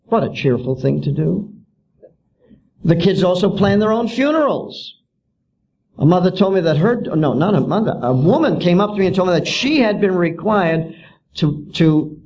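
A man's voice: fairly high pitch, darkish tone, lo-fi sound. A man giving a public lecture as an author, indignant and full of rhetorical questions.

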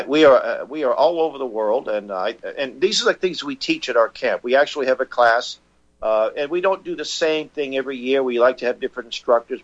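A man speaks as a radio guest, his voice coming through a dull, muffled line at a middling pitch. He rambles, stops and restarts his sentences, and fills the gaps with filler words. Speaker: guest, constitution educator. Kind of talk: phone-in radio interview.

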